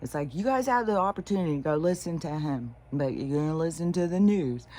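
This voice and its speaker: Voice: medium pitch, lively intonation, fairly quick, few pauses, a little mellow. A spiritual vlogger in a rambling, casual monologue, swearing freely, often restarting sentences and trailing off into short laughs. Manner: profane, agitated, with mocking put-on voices of others.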